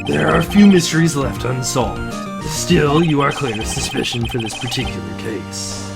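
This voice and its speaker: A man's voice: medium pitch, animated, normal speed, creaky, music in the background. A man doing a fussy old judge. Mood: formal. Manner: formal, declaring. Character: elderly, formal, fussy male judge.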